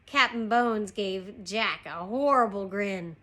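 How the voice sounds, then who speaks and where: Slow, expressive woman teacher reading aloud. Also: on the high side. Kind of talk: storybook read-aloud.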